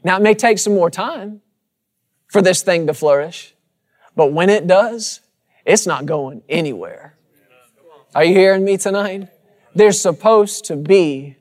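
A man's voice: a little high, a little mellow. A man preaching a sermon to a congregation, using rhythmic repetition and calling out to the listeners. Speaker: pastor. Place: church sanctuary with congregation.

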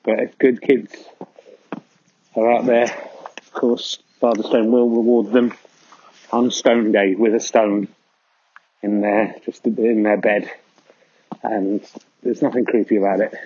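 Out walking in a foggy field, a man with a husky, warm, lowish voice performs a deadpan, absurd comedy monologue that rambles along in mock seriousness. It's captured with dull, lo-fi sound.

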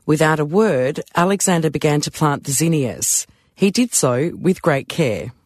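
A man narrating a story in a calm, measured way. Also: a little high.

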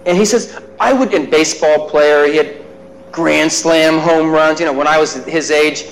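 A man's voice: on the high side, normal speed, slight background noise, poor audio. A male psychologist telling a personal story in a workshop lecture, with self-deprecating, chuckling asides. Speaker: psychologist giving a workshop talk.

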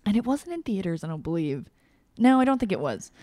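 A woman's voice: medium pitch, big pitch swings, a little fast, mellow, no room sound, studio quality. A woman in her thirties hosting a podcast, chatty and playful in casual conversation. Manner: chatty, playful, lots of fillers. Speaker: podcast host. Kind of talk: casual chat.

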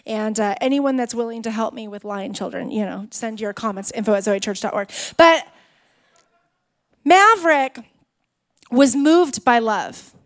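A woman's voice: fairly high pitch, normal speed. A woman pastor in her thirties giving a sermon, telling family stories in a loose, conversational way with frequent restarts. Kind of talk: sermon with personal storytelling.

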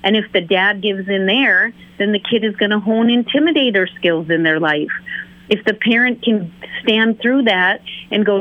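A woman's voice: animated, normal speed, no echo. Woman guest on a tinny phone line. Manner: acts out quoted voices with big pitch jumps. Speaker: guest, author and teacher. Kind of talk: interview on a call.

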